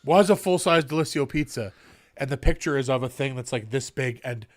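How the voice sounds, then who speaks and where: A man on a podcast chiming in with stammered, quick asides in casual chat. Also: medium pitch.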